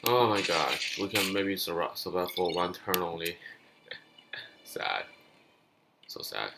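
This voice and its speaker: Excitable man yelling over gameplay. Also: deep voice, slow pace, vocal fry, noisy background. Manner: excitable, swings from frustrated yelling to muttering. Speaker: gaming youtuber. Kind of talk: live gameplay commentary.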